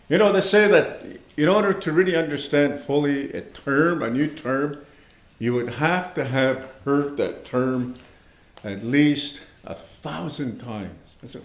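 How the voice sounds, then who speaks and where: A male language instructor teaches an online class, speaking slowly and patiently in a medium-pitched voice with a reverberant sound. He repeats words and checks in with his students.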